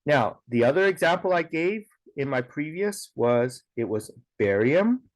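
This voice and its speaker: A man's voice: fairly high pitch, lively intonation, measured pace, no echo. A man teaching a science lesson, explaining step by step in a patient way, with a lot of "okay" and "now". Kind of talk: recorded classroom lesson.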